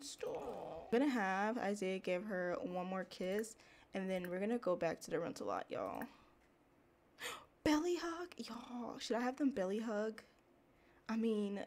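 A woman hosting a Let's Play, chatting excitably to viewers in casual gameplay commentary. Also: mid-range voice.

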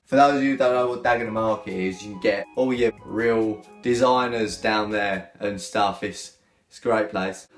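A man's voice: lowish voice, moderate pace. A young man, joking and bantering as he reacts to hate comments in a casual comedy vlog. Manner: cheeky, joking, slangy banter. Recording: echoey room with faint music.

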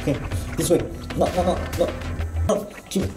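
A man with a Spanish accent giving casual, excitable gameplay commentary, laughing often and jumping high in pitch when alarmed. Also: fairly quick. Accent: Spanish-accented English. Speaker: gameplay streamer. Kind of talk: casual let's-play commentary. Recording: roomy echo with game music behind.

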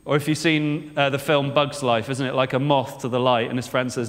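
A man's voice: medium pitch, expressive, brisk. A male preacher giving a sermon in a conversational way, often putting rhetorical questions to the congregation. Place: church. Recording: long church reverb.

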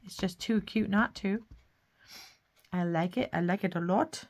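A woman's voice: medium pitch, a little slow. Folksy chatty woman crafting. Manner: chatty, talks to herself while working, hums and sings nonsense sounds; folksy sayings, playful. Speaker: craft channel host. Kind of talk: casual craft tutorial chat.

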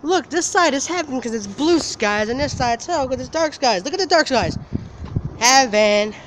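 A man casually telling a story for his vlog outdoors, animated and laughing, swearing now and then. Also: extremely high pitch, moderate pace. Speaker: vlogger. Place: outdoors, walking in the open. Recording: outdoor noise from traffic.

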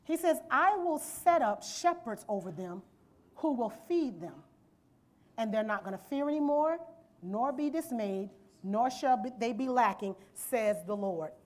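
Preaching in church at a measured pace, a woman speaks with a somewhat high, expressive voice and a darkish tone. Rhetorical questions and asking "amen?" give her sermon a call-and-response feel as she reads scripture aloud and explains it one verse at a time.

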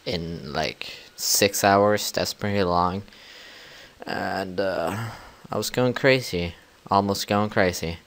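Low, slow-talking young man gamer. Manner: rambling, filler-heavy, bursts into loud yells. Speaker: gaming channel host. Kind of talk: casual let's-play commentary.

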